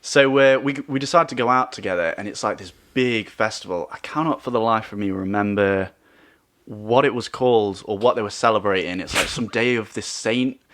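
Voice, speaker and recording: Low-voiced man telling a story. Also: a little fast, a bit bright. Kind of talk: casual podcast chat.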